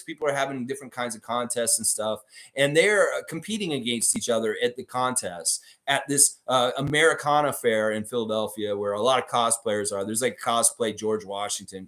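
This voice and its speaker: A man's voice: medium pitch, a bit bright. Rambling man hosting a hoops preview. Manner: rambling, profane, filler-heavy. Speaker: basketball show host. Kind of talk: casual sports preview commentary.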